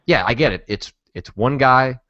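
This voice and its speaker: A man's voice: medium pitch, normal speed, bright, forceful tone, dry recording, highs cut off. A man hosting a podcast, chatting casually in a rambling, hesitant way. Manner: rambling, hesitant, lots of restarts. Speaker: podcast host. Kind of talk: casual chat.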